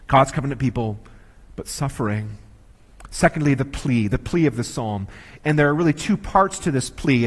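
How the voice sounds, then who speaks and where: A man preaching a sermon, earnest and measured, slowing down to stress key phrases. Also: mid-range voice. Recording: long reverb of a large hall.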